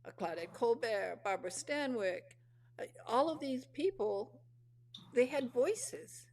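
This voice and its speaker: A woman's voice: fairly high pitch, lively intonation, unhurried, darkish tone. A woman hosting an interview, talking in an emphatic, opinionated way with frequent restarts. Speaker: host. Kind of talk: casual interview chat.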